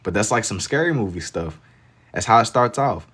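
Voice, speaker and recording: A man's voice: lowish voice, expressive, normal speed, fairly bright tone, husky. A man chatting casually on a livestream while he draws, reading out viewer comments in a laid-back, slangy way and laughing easily. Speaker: livestreamer drawing on stream.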